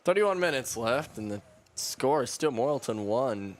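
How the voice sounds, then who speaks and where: A man's voice: medium pitch, animated, normal speed. A male commentator calling soccer play-by-play in an easygoing way, with dry asides. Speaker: color commentator.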